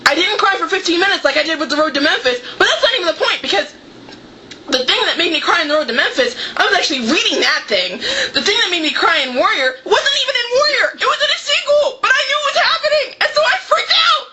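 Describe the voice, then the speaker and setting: High, lively woman vlogger, noisy recording. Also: fast. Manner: giggly and tearful, excitable outbursts. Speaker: book vlogger. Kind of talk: casual vlog chat.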